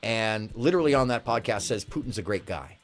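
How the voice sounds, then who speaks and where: A man's voice: on the low side, a little fast. A man hosting a live call-in stream, talking casually in a rambling, jokey way. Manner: animated, rambling, jokey, swearing. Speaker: live call-in show host.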